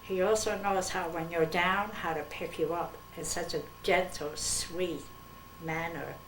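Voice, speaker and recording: An older woman in a documentary interview, telling a personal story slowly and earnestly and acting out the dialogue. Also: fairly low pitch, fairly even intonation, fairly bright tone, a little hiss or hum. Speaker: interviewee, mother of the subject. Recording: echoey room from a distance.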